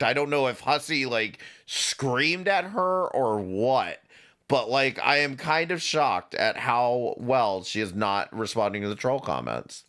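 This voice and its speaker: Animated, bright-voiced streamer man. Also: medium pitch. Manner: sarcastic, profane, lively. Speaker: streamer reacting to clips. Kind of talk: casual reaction commentary.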